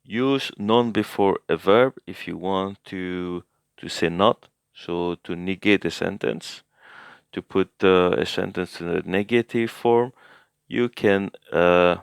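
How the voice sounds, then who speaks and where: A man's voice: low voice, slow pace, creaky, clear, resonant tone, dry recording, studio quality. A man giving a casual language lesson recap, explaining hesitantly as he thinks aloud and corrects himself. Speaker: language learner teaching a recap.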